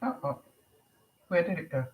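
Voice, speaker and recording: An older woman from Canada chatting casually on a live stream, answering viewer comments in a chatty, relaxed way. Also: lowish voice, moderate pace, slightly rough, phone-quality sound. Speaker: vlogger.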